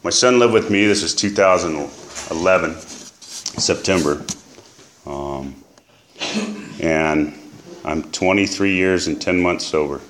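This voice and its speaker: A middle-aged man in recovery, telling an emotional personal story in a halting way with many fillers. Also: extremely low pitch, background noise. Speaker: recovery speaker. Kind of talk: personal testimony.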